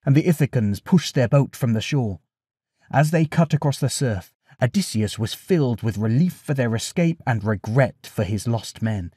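A man narrating a bedtime story in an expressive, animated way. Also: medium pitch, dry recording, clean studio sound.

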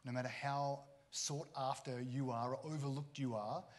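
A man delivers a church sermon in an easy, conversational manner. His voice sits at an ordinary middle pitch, and he slips into the voices of the people in his stories as he tells them. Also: fairly even intonation, normal speed. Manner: conversational, acts out quoted characters. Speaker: pastor.

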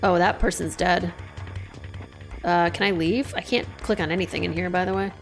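A woman's voice: fairly low pitch, fairly even intonation, normal speed, gravelly, soft background music. A woman streaming a horror game, chatty and joking, saying "F word" in place of swearing. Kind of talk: casual let's-play commentary.

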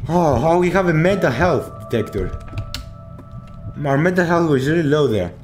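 A man commentating a horror game, swearing freely and breaking into panicked shouts at the scares. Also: on the high side, lively intonation, normal speed, soft background music. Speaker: gaming channel host.

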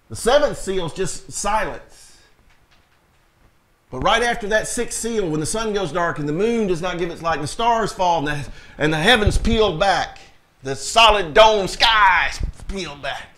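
A man's voice: high voice, lively intonation, measured pace, long pauses, a bit bright. A man preaching a sermon as pastor, reading scripture aloud and talking directly to his congregation with emphatic conviction. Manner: reads scripture aloud in King James wording.

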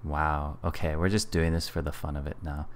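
Low male game commentator, casual and playful, slight hiss behind. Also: little pitch movement, moderate pace. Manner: playful, amused, reading choices aloud. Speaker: gaming video host.

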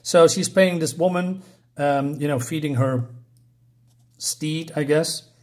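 A man's voice: on the high side, slow pace. A man casually recapping and reviewing a comic book, rambling with frequent fillers and self-corrections.

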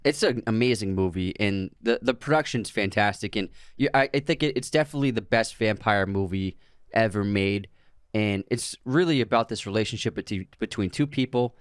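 A man's voice: on the low side, a little fast, smooth, no room sound, studio quality. A man co-hosting a podcast in casual chat, eagerly explaining folklore. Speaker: podcast co-host.

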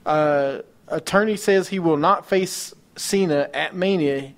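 A man's voice: a little high, unhurried, hardly any pauses. A man co-hosting a casual wrestling talk show, rattling off match cards and ranting with mocking disbelief. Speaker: podcast co-host.

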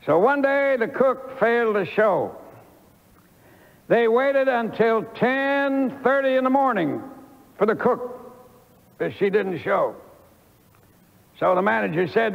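Old pastor preaching slow and gravelly, folksy story, echoey old church tape. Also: male voice, extremely high pitch. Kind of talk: sermon. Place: church sanctuary before a congregation. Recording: echoey, dull old archival church recording.

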